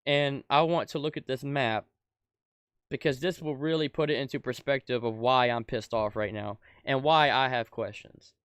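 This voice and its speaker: A young adult man giving an angry, profane political rant as a commentator, swinging from shouted outbursts to low muttering. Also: fairly even intonation, normal speed, clear, resonant tone, no room sound.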